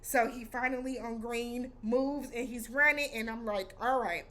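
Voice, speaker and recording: A woman hosting a casual recap vlog, speaking in an animated, slangy way and acting out her own reactions. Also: on the high side, a little slow. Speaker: vlog host reviewing a TV episode.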